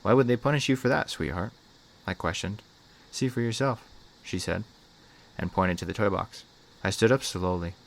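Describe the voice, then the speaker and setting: Deep voiced guy reading a creepy reddit-style story, slow and dramatic. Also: gravelly, fairly bright tone. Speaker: host, story reader. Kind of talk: scripted horror story narration.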